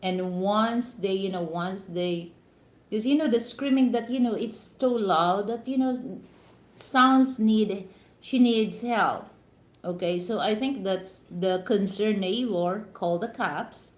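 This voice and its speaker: Filipino-accented woman vlogger, slow and chatty, advising viewers, roomy echo. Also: mid-range voice. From Philippines. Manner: advising, heavy "you know" fillers. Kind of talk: casual live-stream talk to viewers. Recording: echoey room.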